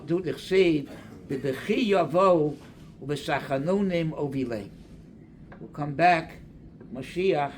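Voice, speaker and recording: An older man, a rabbi delivering a slow, deliberate sermon that mixes Hebrew and Aramaic quotations into English. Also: on the high side, slight background noise.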